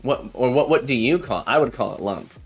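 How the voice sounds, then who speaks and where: A man's voice: mid-range voice, expressive, brisk, breathy edge. Chatty, joking male coding streamer. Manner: chatty and jokey, repeats phrases. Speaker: programming teacher and live streamer. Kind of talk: casual live-coding stream chat. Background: faint background music.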